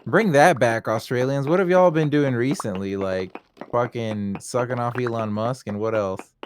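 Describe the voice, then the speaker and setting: A man's voice: mid-range voice, normal speed, a little hiss or hum. A man chatting casually on a game stream, joking and swearing freely with frequent laughs. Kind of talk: casual chat.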